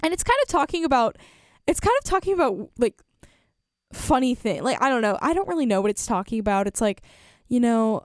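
Young woman DJ on college radio, higher voice, dry studio sound, rambles and corrects herself a lot. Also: sing-song, a little fast, a little mellow, no room sound. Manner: rambling, lots of fillers and self-corrections. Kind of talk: casual radio chat.

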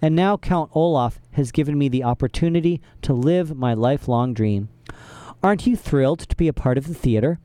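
A man's voice: fairly high pitch, brisk, dark tone, clear, resonant tone, no echo, voice pushed up, lightly acted. A man voicing a cheerful, stage-struck woman judge who talks in an eager, gushing way.

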